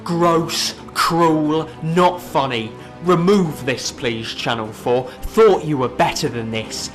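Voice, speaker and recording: A man voicing indignant online commenters in an attempted Birmingham accent, loud and scolding. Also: fairly high pitch, slow pace, over music. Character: outraged indignant Facebook commenters, adult.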